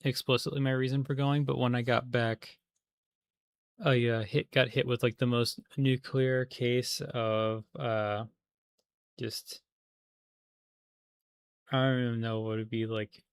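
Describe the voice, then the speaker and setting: A man's voice: medium pitch, little pitch movement, a little slow, long pauses, clean tone, dry recording. A man chatting casually on a livestream while he plays a game, rambling with many fillers and restarts.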